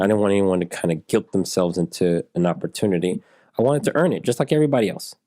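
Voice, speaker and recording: A man's voice: low voice, dark tone, dry recording, clean studio sound. A man in his forties, a podcast guest telling stories and acting out the dialogue in them. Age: 40s. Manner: storyteller who acts out dialogue. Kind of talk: podcast conversation.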